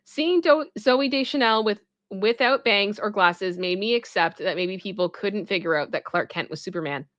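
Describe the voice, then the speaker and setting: Chatty woman reacting, bright voice. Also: medium pitch, dry recording, highs cut off. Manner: chatty, expressive, quick to laugh. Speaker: pop culture reaction host. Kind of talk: casual reaction commentary.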